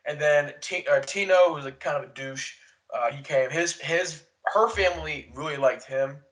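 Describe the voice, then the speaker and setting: A young man co-hosting a podcast, rambling through a casual chat, swearing often and retelling events with animated quotes. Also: on the high side, normal speed, poor audio. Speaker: podcast co-host. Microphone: desk podcast mic.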